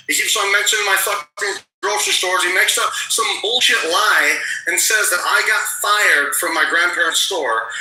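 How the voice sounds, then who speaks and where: Man, high voice, heated argument, defensive, swearing, echoey room, off-mic. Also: bright, forceful tone, far from the mic. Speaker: livestream host.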